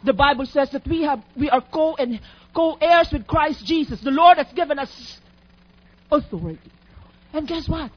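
A woman's voice: high voice, animated, moderate pace. A woman preaching a sermon in an emphatic, teacherly way, asking her listeners questions. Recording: dull lo-fi recording.

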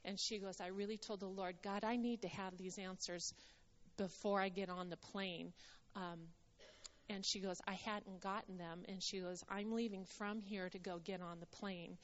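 A woman speaks to a gathering, sharing a ministry testimony with earnest storytelling. She often slips into quoting other people's words. Her voice sits at a middle pitch and sounds slightly dull, with a long reverb trailing off the walls of a big hall. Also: steady tone, normal speed.

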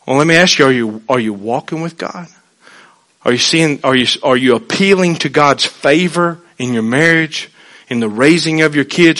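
A man preaching a sermon in an earnest, conversational way, swinging between hushed and emphatic, with folksy asides. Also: on the high side, low-quality recording.

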